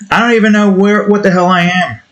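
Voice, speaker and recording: A man's voice: high voice, moderate pace, poor audio. A tired young man from New Jersey, rambling and ranting casually while he draws. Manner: meandering, frustrated rant with frequent restarts. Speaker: art streamer.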